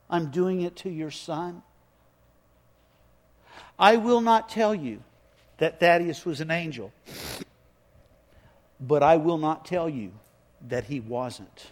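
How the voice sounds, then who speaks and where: Older male pastor telling a sermon story with feeling, high voice, echoey hall. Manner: emotional, halting storyteller.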